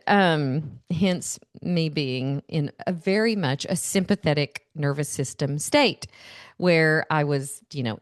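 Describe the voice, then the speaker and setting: A woman in her forties hosting a podcast, telling stories in an animated way and laughing often. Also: lowish voice, dry recording, studio quality. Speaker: podcast host. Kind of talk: casual solo podcast talk.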